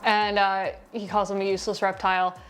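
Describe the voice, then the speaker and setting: A woman's voice: mid-range voice, flat delivery, fairly quick. A woman reviewing a film in a casual, sarcastic, rambling way, recorded on a lapel mic in her shirt. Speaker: movie reviewer.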